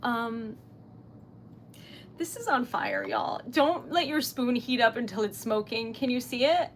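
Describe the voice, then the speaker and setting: A woman's voice: fairly high pitch, a little slow, a little hiss or hum. A young woman livestreaming while she crafts, chatting casually in an emotional, giggly way with lots of fillers. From Rhode Island, US. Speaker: livestreaming small-business owner. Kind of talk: casual live-stream chat while crafting.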